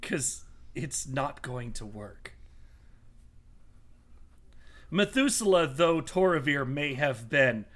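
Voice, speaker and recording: A man voicing an arrogant ancient male monster that speaks slowly with low contempt. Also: lively intonation, a bit bright. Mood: scornful.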